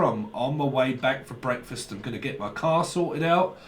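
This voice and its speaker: A man's voice: medium pitch, expressive, normal speed. A man giving a casual, rambling tarot reading, chatty and laughing often, swearing freely as he talks. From United Kingdom. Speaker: tarot reader. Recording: roomy echo with faint background noise.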